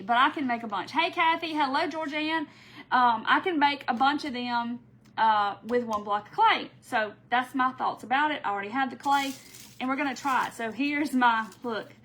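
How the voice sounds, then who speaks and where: A woman's voice: high-pitched, bright, forceful tone, poor audio. A woman hosting a casual live craft stream from home. She chats easily, greets viewers by name and laughs often. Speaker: craft host.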